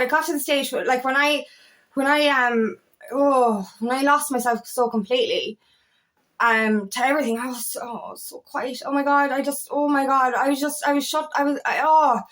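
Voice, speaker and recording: A woman's voice: sits high, fairly bright tone. A woman empowerment coach talking to camera in a heartfelt vlog, rambling and often swearing, her voice catching with emotion. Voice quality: eccentric, quirky talker. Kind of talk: emotional personal vlog monologue.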